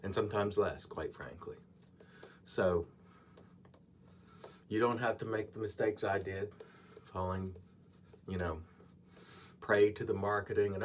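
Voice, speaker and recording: Male vlog host, low voice, casual rambling review mid-shave. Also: steady tone, measured pace, pauses often. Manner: chatty, digressive, earnest asides. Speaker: channel host reviewing shaving soap. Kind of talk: casual product review while shaving.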